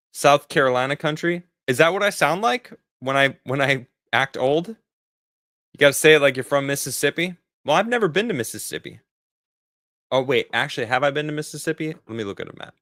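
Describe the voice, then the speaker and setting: A man's voice: medium pitch, fairly bright tone, no echo, clean studio sound. A man in his forties, rambling in a casual livestream as he answers viewer chat, often laughing. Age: 40s. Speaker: streamer reading viewer chat.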